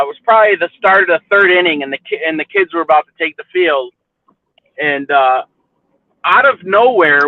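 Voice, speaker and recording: A man with a high voice tells a long, rambling story in casual chat, swearing freely and restarting his sentences. His voice reaches us over a thin, tinny, phone-like line. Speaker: livestream chat host.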